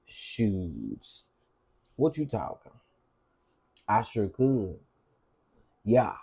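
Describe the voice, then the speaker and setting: A man's voice: fairly low pitch, very animated, extremely slow, gravelly, warm tone, slightly rough. A man hosting a cooking channel, chatting casually with his livestream viewers, greeting them by name and repeating himself often.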